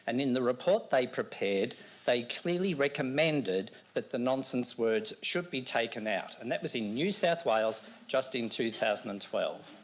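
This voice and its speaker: A man giving a lecture on reading to a live audience in a lecture room, teasing and animated as he talks. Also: medium pitch, a little hiss or hum. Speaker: education speaker.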